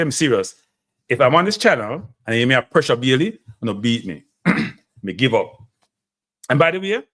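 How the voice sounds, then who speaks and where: On a live stream, a Jamaican-accented man talks football with excitable emotion and frequent laughter. His voice sits in the mid range.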